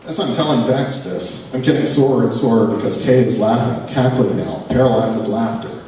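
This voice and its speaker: A man reads his own fiction aloud in a sardonic, profane first-person voice with a dark, mellow tone. He is caught from a distance in a big echoey hall, with a faint murmur of room ambience behind him. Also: mid-range voice, normal speed, slight background noise. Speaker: author reading his fiction. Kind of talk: live fiction reading. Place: reading event venue, hall.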